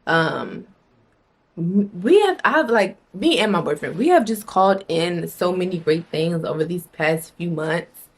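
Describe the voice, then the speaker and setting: A young adult woman with a lowish, slightly rough voice and lively intonation speaks unhurriedly to camera in a casual motivational vlog. She is blunt and emphatic, swearing freely and repeating phrases for emphasis.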